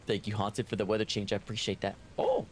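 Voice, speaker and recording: A man with a Texan accent chatting excitedly while streaming a game and thanking viewers by name. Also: lowish voice, fast, a little hiss or hum. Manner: excitable, reads out viewer names and thanks them. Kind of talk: casual gaming stream chat.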